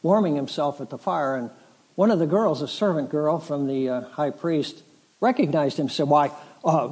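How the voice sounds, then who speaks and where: A middle-aged male pastor preaching a sermon, rising to loud emphatic swells and dropping to soft, solemn lines. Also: on the high side, expressive. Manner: slow, dramatic preaching that swells and drops.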